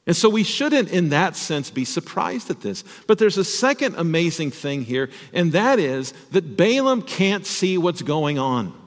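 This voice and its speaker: Slow, lively pastor telling a bible story to kids, big echoey church. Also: male voice, fairly high pitch. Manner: animated, addresses children with questions. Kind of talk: children's sermon storytelling.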